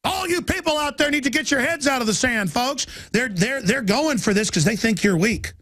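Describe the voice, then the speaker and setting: Agitated high-pitched talk host. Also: male voice, expressive, no echo. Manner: urgent, agitated, rising to shouts; reads headlines aloud rapidly. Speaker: radio host. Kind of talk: talk radio monologue.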